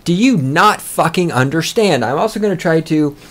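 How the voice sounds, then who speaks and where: Loud, fired-up male podcast ranter. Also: on the high side, expressive, moderate pace. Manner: loud, fired-up, profane and boastful. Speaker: podcast host. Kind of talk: ranting podcast monologue. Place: small recording studio with a control room.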